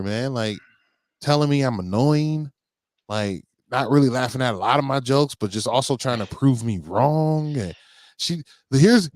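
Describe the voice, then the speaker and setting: A man co-hosting a casual podcast, telling family stories in an animated way and laughing often. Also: mid-range voice, no echo, studio quality. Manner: animated storyteller, acts out his daughters' voices, laughs often. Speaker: podcast co-host. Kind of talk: casual chat.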